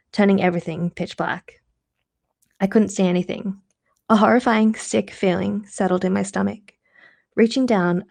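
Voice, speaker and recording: A woman reading a novel aloud in a relaxed live-stream manner. Her voice carries steady vocal fry, and she stops now and then to correct a misread word or add a quick aside before going on. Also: mid-range voice. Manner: reads aloud, corrects slips and adds asides. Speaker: reader of novels.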